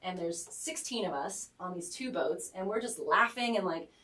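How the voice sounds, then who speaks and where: A woman as a radio guest, telling a rambling story with animated, laughing delivery and lots of "like" fillers. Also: on the low side, normal speed, reverberant, far from the mic, poor audio. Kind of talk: casual storytelling. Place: radio studio.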